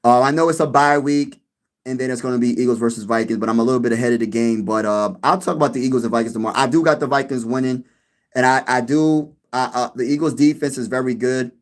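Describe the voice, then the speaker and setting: A man hosts his own sports channel, chatting casually with viewers, repeating himself, and laughing at his own jokes. His medium-pitched voice is steady and quick.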